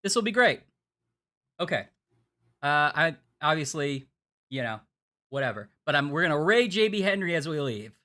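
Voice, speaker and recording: A man's voice: fairly high pitch, very animated, normal speed, pauses often, bright, forceful tone. Chatty man streaming a game. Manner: chatty, rambling with restarts. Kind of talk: casual gameplay banter.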